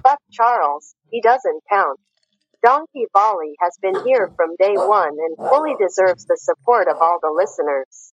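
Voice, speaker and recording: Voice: medium pitch, lively intonation, a little slow, breathy edge, dry recording, highs cut off. A caller doing a crude, cheeky Queen Elizabeth. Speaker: voicemail caller.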